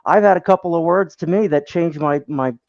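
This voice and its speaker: A man's voice: a little high, a little fast, no room sound, muffled recording. A man hosting a casual podcast chat, encouraging and affirming.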